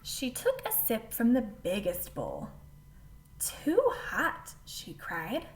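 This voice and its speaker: A woman reading a picture book aloud to a child, with animated delivery and asides to the listener. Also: mid-range voice, takes it slowly, vocal fry. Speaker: storyteller.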